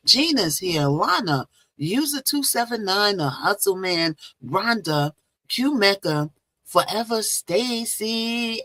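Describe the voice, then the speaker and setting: A woman's voice: lowish voice, fairly bright tone, husky, no room sound. A woman hosting a casual live stream, chatting and repeating herself as she greets viewers. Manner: chatty, repeats phrases, talks to viewers directly. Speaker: livestream host.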